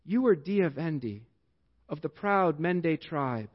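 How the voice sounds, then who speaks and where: A man's voice: a little high, sing-song, takes it slowly. A man quoting a tender pleading father. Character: tender African father pleading with his lost son. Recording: echoey hall, dull lo-fi sound.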